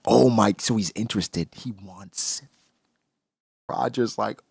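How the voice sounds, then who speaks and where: A man giving casual, excitable reaction commentary on a manga chapter, exclaiming and joking as he reads. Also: on the low side, measured pace, gravelly, slightly rough, dry recording, studio quality.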